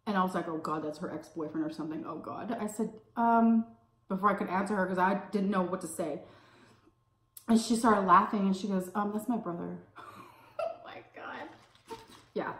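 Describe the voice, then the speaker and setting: A woman from California telling a casual story while eating, full of "like" fillers and pauses to savor her food. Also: medium pitch. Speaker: food vlogger. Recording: roomy echo.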